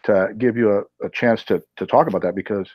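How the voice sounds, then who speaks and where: Halting male host, dry lo-fi sound. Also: fairly low pitch, dry recording. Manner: halting, with many fillers and restarts. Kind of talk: casual chat.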